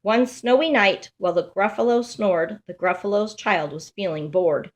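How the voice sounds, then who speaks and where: A woman's voice: mid-range voice, normal speed. Woman reading a rhyming picture book aloud. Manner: lively, sing-song rhyming delivery with voices for the characters. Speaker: storybook reader.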